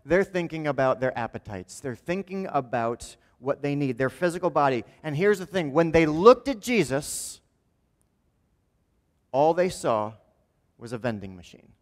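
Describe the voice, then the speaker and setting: A man's voice: fairly high pitch, animated, a little slow, pauses often, in a large hall. A man preaching a sermon as pastor, talking conversationally and often checking in with "right?". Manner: acts out quoted speakers in changed voices. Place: church sanctuary.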